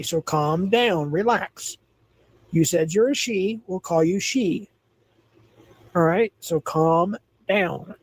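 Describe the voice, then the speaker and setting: A man's voice: high-pitched, vocal fry, a little mellow, breathy edge, no echo, poor audio. A man in his forties hosting a livestream, answering viewers in a blunt, repetitive, scolding way. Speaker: livestream host. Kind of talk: livestream chat, reacting to viewers.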